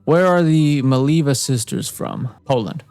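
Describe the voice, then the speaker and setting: A man's voice: medium pitch, measured pace, a little mellow, smooth. Young man reacting to trivia. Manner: reads trivia questions aloud, then reacts with exasperated, self-mocking outbursts. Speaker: gaming YouTuber. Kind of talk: casual gameplay commentary.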